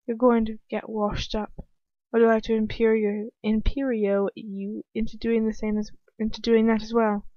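A woman's voice: a little high, level tone, normal speed, no room sound, lightly acted. A woman voicing a cold, sneering aristocratic man who drawls with contempt, in a dry, dull lo-fi home recording. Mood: contemptuous.

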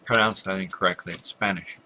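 Brisk and steady in tone, a low, pushed, bright voice comes from an older man commenting on a computer game. He's talkative, mutters at the enemies, and keeps yawning and apologizing.

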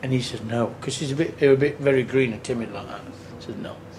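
A man's voice: mid-range voice, fast talker. A man telling a rambling, earthy anecdote, swearing and acting out what people said. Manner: rambling, earthy storyteller who swears and acts out quotes. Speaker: tribute band singer. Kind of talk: casual anecdote. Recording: noisy on-location recording.

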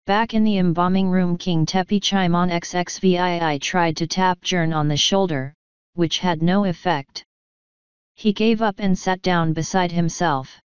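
Lady reading a novel aloud, lowish smooth voice, dead dry sound. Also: steady tone, measured pace, dry recording, lo-fi sound. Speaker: audiobook reader. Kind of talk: audiobook narration.

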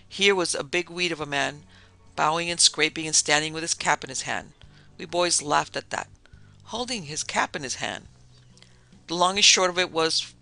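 Gravelly bright-voiced male storyteller. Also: a little high, rough recording. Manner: storytelling, measured, dramatic dips. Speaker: narrator. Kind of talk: scripted narration of a spooky tale.

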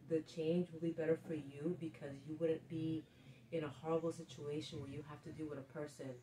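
A woman's voice: low voice, slight background noise, poor audio. A woman vlogger giving a motivational talk to camera, emphatic and repeating her key phrases as direct commands. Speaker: lifestyle vlogger.

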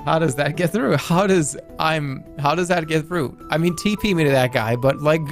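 Man, streamer, playful jokey gameplay chatter, a bit high-pitched, faint music underneath, desk mic. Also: moderate pace, hardly any pauses. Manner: playful, jokey, reacts out loud, swears. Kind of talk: casual live-stream gameplay commentary.

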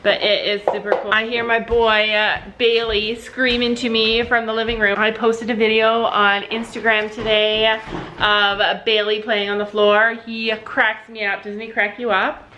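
Bright-voiced chatty woman vlogging. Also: on the high side, a little slow, highs cut off, slight background noise. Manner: chatty and animated, talks to viewers and her bird. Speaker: family vlogger. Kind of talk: casual vlog chat to camera.

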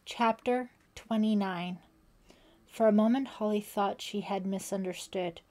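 This audiobook is narrated by a woman whose voice sits in the mid range. She delivers the scripted story at a steady, measured pace.

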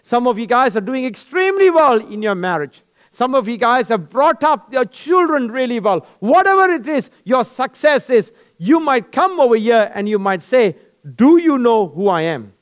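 A male pastor delivers a sermon with a noticeably high voice. He tells stories with animation and speaks directly to his listeners. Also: moderate pace. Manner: animated, storytelling, acts out dialogues.

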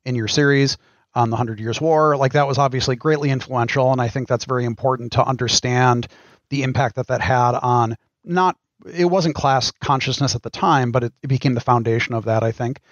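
A middle-aged man explains his work as a guest on a podcast, thinking aloud with frequent pauses. His voice sits in an ordinary middle range. The recording is dry and a little muffled. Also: medium pitch, fairly even intonation, no room sound. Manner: thoughtful, pauses with many ums. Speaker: game designer guest. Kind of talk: casual podcast interview.

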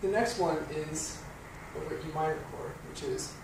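A man's voice: on the high side, steady tone, moderate pace, gravelly, noisy background. A man teaching piano, explaining rhythm patiently and counting beats aloud. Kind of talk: instructional music lesson. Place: piano studio. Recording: roomy studio, distant mic, piano playing.

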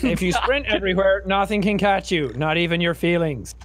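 A man's voice: high-pitched, fairly quick, a crowd in the background. A man co-hosting a gaming podcast, cracking crude, goofy jokes while he plays a game with friends. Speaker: co-host. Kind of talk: casual chat while playing a co-op video game.

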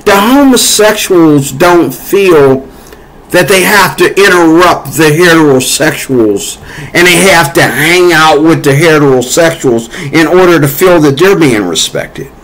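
With a somewhat high, slightly bright voice, this American vlogger speaks expressively at a measured pace. He delivers a political opinion rant that rambles, repeats, leans on fillers, and grows heated, all on a rough recording.

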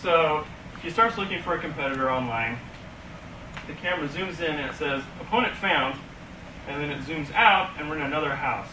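A young man, an animation student, enthusiastically pitching a film story to a class and acting out its scenes, recorded from far off in an echoey, noisy classroom. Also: brisk, sharp tone. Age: young adult. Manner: enthusiastic, laughing, acts out scenes.

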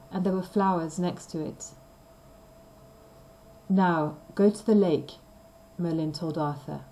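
Mellow, clear woman reading a story. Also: on the low side, poor audio. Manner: slow, clear, simple phrasing. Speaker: reader of a graded story. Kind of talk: scripted storybook narration for learners.

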